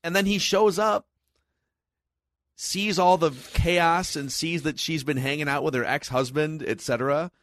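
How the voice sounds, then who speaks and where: A man's voice: on the high side, fairly even intonation, fairly bright tone, no room sound. A man co-hosting a movie podcast, picking apart plot holes with incredulous questions. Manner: incredulous, rapid-fire questions. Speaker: podcast co-host. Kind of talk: casual movie review chat.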